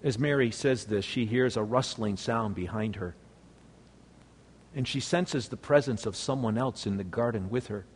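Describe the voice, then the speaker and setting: A male preacher telling a story in a sermon, swinging between loud exclamations and hushed, near-whispered lines. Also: mid-range voice, normal speed, slightly rough, big-room sound.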